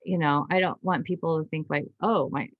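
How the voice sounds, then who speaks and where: Woman guest on a podcast, low-ish voice, dry kinda dull audio, earnest, keeps restarting sentences. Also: fairly even intonation, brisk, no room sound. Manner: earnest, emotional, with frequent restarts. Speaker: guest doctor. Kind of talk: personal storytelling in a podcast interview.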